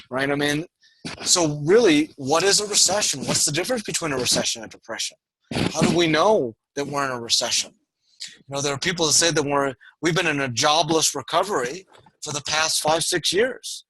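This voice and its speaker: A man's voice: fairly high pitch, moderate pace, bright, forceful tone, poor audio. A man lecturing an online university class in a discursive way, with frequent fillers and restarts.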